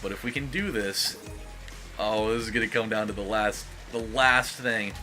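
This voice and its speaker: A man casually rambling as he comments on a racing game, excitable during close moments. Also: on the low side, normal speed, over music. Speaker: let's play host. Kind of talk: gameplay commentary.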